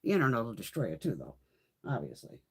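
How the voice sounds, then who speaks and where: A woman's voice: extremely low pitch, huge pitch swings, fast, slightly rough. A woman hosting a casual makeup livestream, telling stories bluntly with plenty of swearing and reading out viewer comments. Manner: profane, blunt storytelling, reads viewer comments. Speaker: livestream host.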